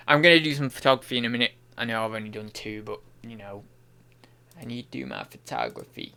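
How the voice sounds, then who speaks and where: Bright-voiced man rambling on stream. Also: mid-range voice, fairly quick, vocal fry. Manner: rambling, thinking aloud, many restarts. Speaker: online reseller and streamer. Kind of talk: casual livestream chat while working.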